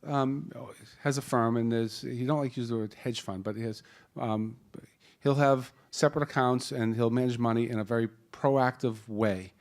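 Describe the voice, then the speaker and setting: Man, Boston accent, panel moderator, joking, rambling, restarts, handheld mic, mid-pitched voice. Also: normal speed. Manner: jokey, lively, rambling with many restarts. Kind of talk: introducing a panel at a live event. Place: conference hall panel.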